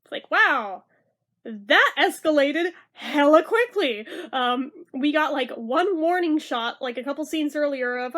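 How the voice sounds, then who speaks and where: High-voiced chatty woman reviewing a film. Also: lively intonation, a little slow, a bit bright. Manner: chatty, sarcastic, swears, mock-dramatic outbursts. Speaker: movie reviewer. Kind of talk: casual movie review.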